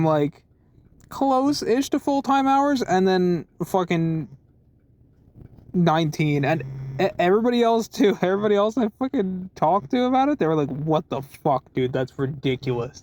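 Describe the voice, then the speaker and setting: A young man talks off the cuff from the driver's seat, voice sitting a touch higher than usual, loose and profane with plenty of "dude" and "man". Faint car and road noise hum underneath. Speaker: vlogger. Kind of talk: casual car vlog.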